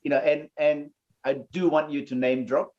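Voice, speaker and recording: A man's voice: a little high, fairly even intonation, moderate pace. A man hosting an interview, asking questions in a loose conversational way with frequent restarts. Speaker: host, aikido teacher. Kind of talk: casual interview. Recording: dull lo-fi audio.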